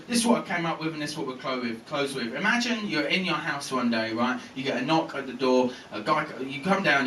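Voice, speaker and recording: Guy doing stand-up, swears a lot, bright lively voice, roomy bootleg sound from way back. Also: fairly high pitch, slight background noise. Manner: swearing, animated storytelling with voices. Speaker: stand-up comedian. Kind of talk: live stand-up set. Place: comedy club stage with laughing audience. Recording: roomy bootleg audio from far off.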